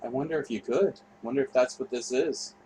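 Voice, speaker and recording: A man's voice: mid-range voice, brisk, mellow, slight background noise, low-quality recording. A man, hosting a casual online tour and rambling through a profane story with mumbled asides. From Canada. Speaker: host. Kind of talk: casual chat while touring by map screen.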